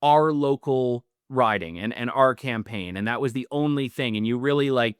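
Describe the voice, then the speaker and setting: A man's voice: medium pitch, normal speed, smooth, no room sound, clean studio sound. A middle-aged Canadian man, a newly elected politician, answering interview questions earnestly with frequent restarts. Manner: earnest, with many restarts and fillers.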